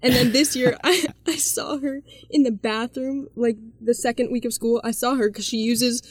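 A teenage high school girl telling an animated story about a teacher she disliked. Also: moderate pace, no echo. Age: teens. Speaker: student guest. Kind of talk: casual storytelling.

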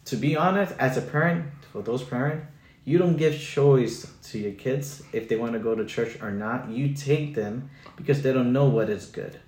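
A man's voice: mid-range voice, moderate pace, a little mellow. A man who is a church leader, speaking earnestly in a podcast chat, quoting scripture and dropping in Spanish words. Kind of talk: conversational teaching with scripture. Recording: roomy echoey room.

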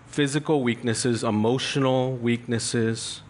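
A man's voice: medium pitch, fairly even intonation, takes it slowly. A male pastor preaching a sermon in an earnest, confessional way, building emphasis through rhetorical questions.

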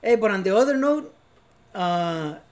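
A man's voice: high voice, lively intonation, unhurried. Laid-back man in casual chat. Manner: laid-back, calls people bro, laughs easily.

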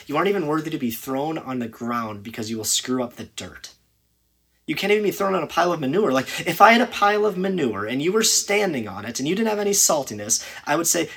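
A man preaching a sermon, earnest and emphatic, with sudden loud, high bursts when he acts out a scene. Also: slightly rough.

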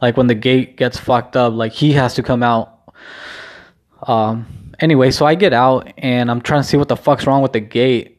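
A man's voice: mid-range voice, fairly even intonation, moderate pace. A young man casually telling a rambling, profane story in a laid-back vlog. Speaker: vlogger.

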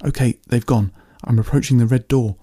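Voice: mid-range voice, fairly quick, slightly rough, no echo, clean studio sound, lightly acted. A man reading a storybook, voicing an eager young boy who reports what he sees. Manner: excited, reporting step by step.

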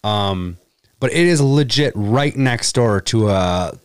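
A man's voice: fairly low pitch, expressive, slow, smooth, no room sound. A man hosting a casual chat, easygoing and prompting his guest with questions. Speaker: podcast host.

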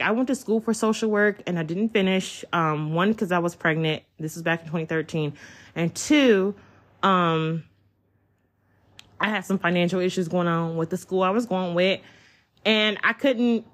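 A woman, hosting a podcast from home and telling a personal story in a chatty, excitable way. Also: fairly low pitch. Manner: chatty, excitable, addresses listeners as y'all. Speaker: podcast host. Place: at home, child in the room.

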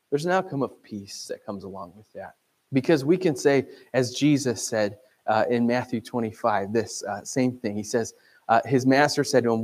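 A middle-aged male pastor preaching a sermon in a conversational, animated way, acting out quotes. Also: medium pitch.

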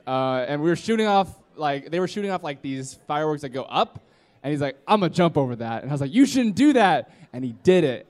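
A man's voice: mid-range voice, clean tone. A man in his twenties telling a drunken story on stage, rambling and acting out his friends' voices. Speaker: storyteller at a live comedy podcast. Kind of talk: live comedic storytelling. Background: live audience laughter.

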